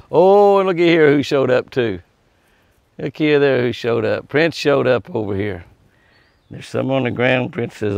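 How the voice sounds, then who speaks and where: A man's voice: mid-range voice, lively intonation, slow, creaky, pauses often, no echo. A man talking casually to deer on his ranch, coaxing them in and chatting to viewers in a folksy way. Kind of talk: casual talk to animals and viewers. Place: outdoors at a deer pen.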